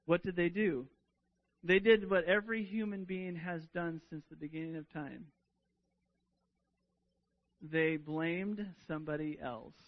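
High-voiced man preaching slowly. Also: highs cut off. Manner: earnest, repeats words when restarting. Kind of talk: sermon.

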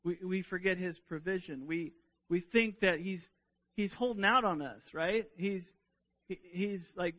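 A man's voice: sits high, a little slow, lo-fi sound. A man preaching a sermon in an earnest way, often repeating words as he restarts a sentence.

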